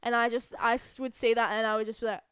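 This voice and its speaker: A young woman co-hosts a podcast in a casual, thoughtful tone, using "like" and "literally" a lot. Her voice sits a little high and sounds smooth. The recording is dry and close. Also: little pitch movement, fast, a bit bright, dry recording. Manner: earnest and reflective, fillers like "like" and "literally". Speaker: podcast co-host. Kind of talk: casual chat.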